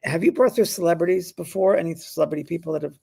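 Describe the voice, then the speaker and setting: A man's voice: fairly high pitch, fast talker, gravelly, darkish tone, slightly rough. A man hosting a casual chat, telling anecdotes and acting out the voices in them. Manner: chatty storyteller, acts out quoted voices, laughs often. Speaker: spiritual medium and show host.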